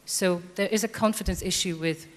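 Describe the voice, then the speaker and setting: Long reverberation from a large hall surrounds this woman's fairly low voice, which moves a little fast. She's in her fifties, speaking earnestly from the debate floor, hesitating with plenty of ums.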